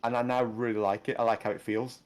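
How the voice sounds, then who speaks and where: A man's voice: medium pitch, little pitch movement, quick pace. A man chatting casually on a podcast, rambling and laughing often. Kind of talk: casual chat.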